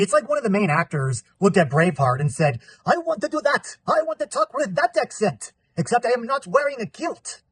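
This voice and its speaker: Male host, 40s; quick and animated delivery with a slightly husky edge, playful review-vlog energy. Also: high voice, no echo. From California. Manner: upbeat and animated, jokey asides.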